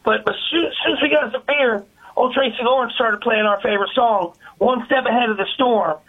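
High-voiced caller on a tinny phone line. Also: female voice, brisk, slightly rough. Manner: animated storyteller, acts out voices. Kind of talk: telling a funny story on air.

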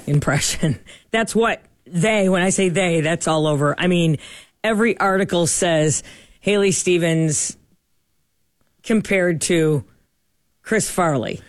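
A woman, co-hosting a morning radio show and chatting casually with quick asides. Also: fairly low pitch, no echo, studio quality. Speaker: radio co-host.

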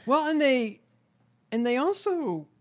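A man co-hosting a podcast, reading out news stories in a slow, halting way with fillers. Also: very high-pitched, lively intonation. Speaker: podcast co-host. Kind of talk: casual chat.

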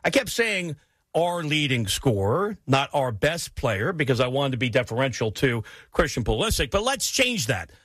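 Bright-voiced American sports talk host. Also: male voice, mid-range voice, moderate pace, slightly rough, dry recording, studio quality. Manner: emphatic, opinionated, animated delivery.

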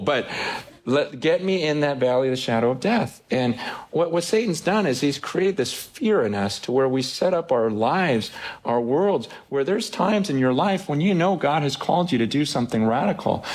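Pastor, male, fairly high voice, heartfelt sermon delivery with quoted inner dialogue. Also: darkish tone, breathy edge. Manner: earnest, self-questioning preaching with acted-out inner voices.

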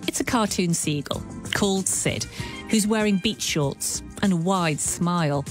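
A woman presenting a radio documentary in brisk, lightly playful scripted narration, sometimes asking her guest questions. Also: lowish voice, faint music behind.

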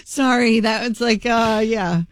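A woman co-hosting a radio show, teasing and reacting quickly in casual on-air banter, with a son. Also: a little high, steady tone, a little hiss or hum. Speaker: radio co-host. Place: radio studio.

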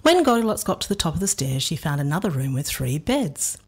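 A woman narrating a children's storybook in an expressive, playful manner. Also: low-pitched, fairly quick, background noise.

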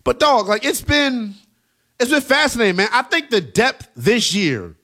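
A man hosting a late-night college football radio show, talking in an animated, emphatic way with plenty of slang. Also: very high voice, unhurried. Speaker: sports radio host.

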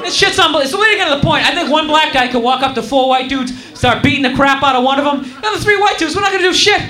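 A male stand-up comedian telling a profane, animated story on a club stage. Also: extremely high pitch, rapid-fire. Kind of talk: stand-up routine. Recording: echoey club with crowd laughter. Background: audience laughing.

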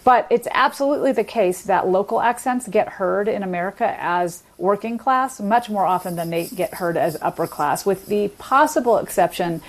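Woman linguist guest, measured academic explainer, even mid pitch. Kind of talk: explanatory interview talk.

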